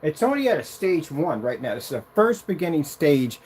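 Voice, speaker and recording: Excited, rambling man with a lively voice. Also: fairly quick, husky. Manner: excited, rambling, boasting about his product; sings snatches of a tune in a high voice. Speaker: product demonstrator. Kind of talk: casual demo vlog.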